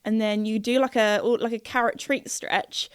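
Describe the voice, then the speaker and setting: A woman's voice: on the high side, fairly even intonation, moderate pace, clean tone, no room sound, studio quality. A young woman hosting a podcast in a casual chat, rambling with lots of fillers and giggles. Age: young adult. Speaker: podcast host.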